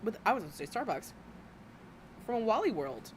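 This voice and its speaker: A woman's voice: mid-range voice, sing-song, fairly quick, a little hiss or hum. A woman giving mocking, sarcastic reaction commentary on a streamer's clips.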